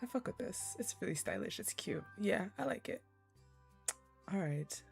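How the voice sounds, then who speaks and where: Woman, gaming streamer, bubbly chatter with animated pitch, faint music underneath. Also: moderate pace, creaky. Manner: chatty, excitable, giggly, reads game text aloud. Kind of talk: live game playthrough commentary.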